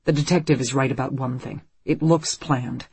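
A worried young father, talking fast and forceful in a tense push, voiced by a woman reader. It is recorded dry and close, with a husky tone. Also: very deep voice, fairly even intonation, no room sound, heavily acted. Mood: urgent. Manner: urgent, forceful delivery.

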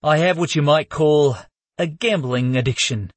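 A shifty young man buried in gambling debts, as a male narrator plays him, nervous and defensive, with a stammer that creeps in. His voice sits a little higher than the narrator's and has a husky edge, recorded dry and close. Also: moderate pace, no echo, close to an everyday voice. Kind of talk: audiobook character voice.

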